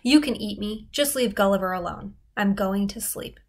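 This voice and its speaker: A woman reading as a worn-out young boy trapped somewhere dark, his voice weary and muffled. He sounds drained and frightened, speaking from a storybook read aloud. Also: medium pitch, moderate pace, lightly acted. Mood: defiant.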